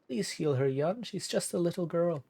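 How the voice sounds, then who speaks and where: A man's voice: on the high side, lively intonation, normal speed, gravelly, pitched above the performer's own voice. A man voicing a pleading young mother. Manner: pleading, soft. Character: worried young woman, distressed mother.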